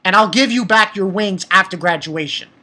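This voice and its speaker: An anime reviewer talks at normal speed in a high voice that sounds pushed and bright. His casual recap of an episode rambles with fillers and restarts and bursts into profane anger between bits of plot.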